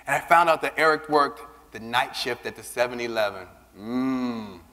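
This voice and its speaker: A man giving a keynote speech, telling a personal story with lively, acted-out dialogue. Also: mid-range voice, normal speed. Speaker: keynote speaker. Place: large conference hall. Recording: long reverb of a big hall.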